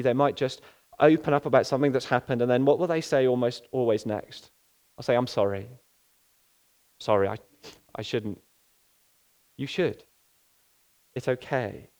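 A man preaching a sermon in an earnest, unhurried way, slowing down to dwell on key phrases. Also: mid-range voice, darkish tone.

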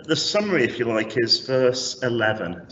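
A man preaching a sermon with animated, rhetorical emphasis, heard from a distance in a church. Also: medium pitch, normal speed, slight background noise. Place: church hall. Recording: echoey hall from a distance, slightly dull.

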